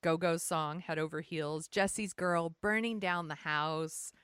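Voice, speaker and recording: A woman's voice: sits low, slow, fairly bright tone, smooth, no room sound, clean studio sound. A woman in her forties co-hosting a podcast, chatting casually with lots of fillers and self-mocking humor. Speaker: podcast co-host. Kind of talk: casual chat.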